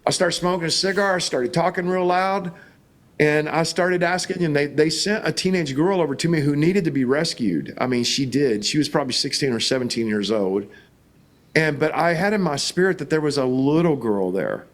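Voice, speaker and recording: A man's voice: fairly high pitch, normal speed. A middle-aged man, a pastor, telling stories in an interview and acting out the voices in them. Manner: animated, acts out quoted voices. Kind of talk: storytelling in an interview.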